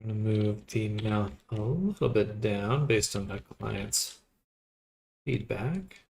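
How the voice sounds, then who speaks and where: Slow, low-voiced man streaming. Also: creaky, slight background noise. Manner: relaxed, thinking aloud with pauses. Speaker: 3D modeling streamer. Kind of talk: casual live-stream commentary while working.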